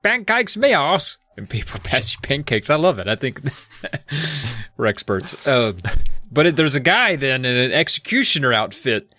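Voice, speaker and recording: A man co-hosts a comedy podcast, playful and easily amused. His pitch swings in a lively way, and the sound is dry and close with no room echo. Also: normal speed. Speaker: podcast co-host. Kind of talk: casual comedic book recap.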